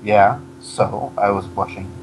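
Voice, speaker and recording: A man giving a comedic reading of a fan fiction, deadpan, breaking off to mock the text. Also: on the low side, takes it slowly, slight background noise, poor audio.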